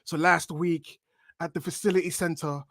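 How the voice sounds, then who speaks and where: A man's voice: on the high side, steady tone, moderate pace, a bit bright, dry recording. A man guesting on a podcast, chatting in a playful, rambling, jokey way over a video call. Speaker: guest pundit. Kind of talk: casual podcast chat.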